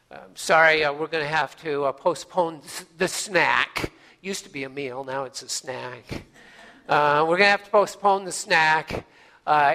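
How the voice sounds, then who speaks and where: Bright-voiced pastor preaching gently. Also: male voice, high-pitched. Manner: storytelling, gentle pauses, drops to near-whispers for emphasis; folksy, with frequent uh fillers. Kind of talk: sermon.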